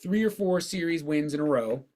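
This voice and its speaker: A man with a hoarse voice, co-hosting a podcast and giving his opinions on baseball in casual chat, rambling and restarting his sentences. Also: a little high, expressive, normal speed, darkish tone. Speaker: podcast co-host.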